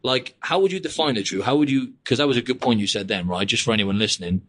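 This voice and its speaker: A man's voice: mid-range voice, quick pace. A young man hosting a podcast, rambling casually and saying "mate" and "like" a lot. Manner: rambling, peppers speech with "mate" and "like". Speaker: podcast host. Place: living in Australia.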